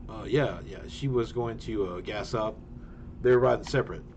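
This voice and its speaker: A man voicing a polite middle-aged male diner manager with a Georgia drawl, answering slowly with fillers. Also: lowish voice, darkish tone, dull audio, slight background noise, lightly acted. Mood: obliging. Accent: Southern US, Georgia.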